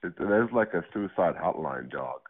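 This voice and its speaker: A man on the phone, calm and mocking, telling the other person that he needs help. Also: low-pitched, moderate pace, husky. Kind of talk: casual phone chat. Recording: tinny phone line.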